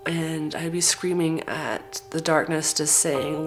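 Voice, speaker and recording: Woman, low voice, raw emotional telling, music playing underneath. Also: slow pace. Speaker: mother sharing her story. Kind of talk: documentary testimony.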